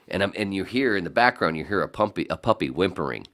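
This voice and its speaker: Low-voiced, animated storytelling man. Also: fast talker. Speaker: podcast guest. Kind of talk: casual storytelling chat.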